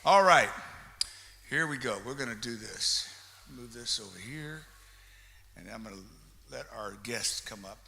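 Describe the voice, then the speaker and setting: This chamber of commerce emcee has a medium-pitched, creaky yet bright and forceful voice with lively intonation, a slightly slow pace, and long pauses. He jokes with the crowd, passes out door prizes, and introduces a guest in a reverberant hall with faint background noise.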